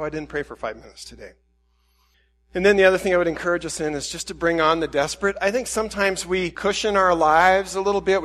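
Male pastor, slightly high voice, casual sermon delivery, acts out quotes and prayers. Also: fairly bright tone. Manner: conversational, acts out prayers and quotes with rising intensity.

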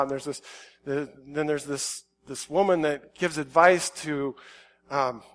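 A man giving a conversational sermon, shifting from quiet reflective musing to loud emphatic outbursts. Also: a little high, steady tone, moderate pace. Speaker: pastor.

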